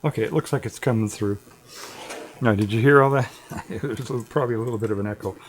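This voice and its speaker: Talking fast in a fairly low voice, a middle-aged man runs a livestream full of easygoing, off-track chatter. He chuckles frequently as he rambles.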